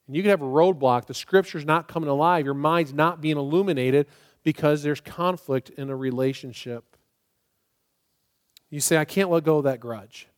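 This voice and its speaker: A middle-aged male pastor preaching a sermon in a church, emphatic and swinging from loud to soft and prayerful. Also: a little high, normal speed. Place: church sanctuary.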